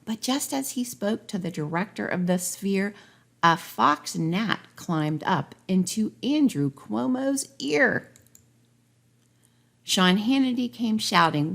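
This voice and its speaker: A woman's voice: medium pitch, lively intonation, slow, vocal fry. A woman reading a rhyming storybook parody aloud in a sing-song way. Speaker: narrator.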